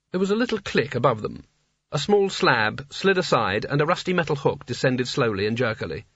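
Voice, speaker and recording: A man giving measured, wry scripted narration of an audiobook. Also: medium pitch, big pitch swings, fairly bright tone, husky, no room sound. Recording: dull dry audiobook recording.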